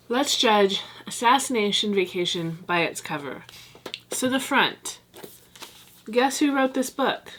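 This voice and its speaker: A woman's voice: medium pitch, fairly bright tone, slight background noise, rough recording. A woman casually reviewing books on her vlog, chatty and candid, thinking aloud and giving frank opinions. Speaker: book vlogger.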